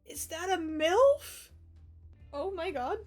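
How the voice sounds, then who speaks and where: A young woman streaming a dating game, reading it aloud with excitable, laughing, swearing asides. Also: very high voice, slow, faint music behind. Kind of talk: live-stream gameplay commentary.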